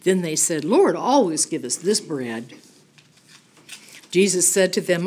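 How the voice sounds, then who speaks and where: A middle-aged woman teaching a Bible study in an animated, emphatic, conversational way, often checking in with "okay?". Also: fairly low pitch, unhurried.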